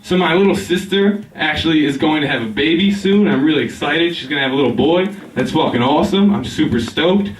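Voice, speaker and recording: A man's voice: on the high side, a little fast, hardly any pauses, a little hiss or hum. A young man doing a stand-up routine, laid-back and rambling, giggling at his own jokes. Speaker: stand-up comedian. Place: barber shop. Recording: echoey room, mic at a distance.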